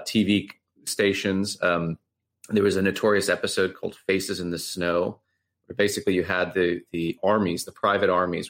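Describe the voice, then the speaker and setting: A man's voice: low-pitched, a bit bright. A man speaking as a journalist guest in a casual interview, talking discursively with restarts and fillers.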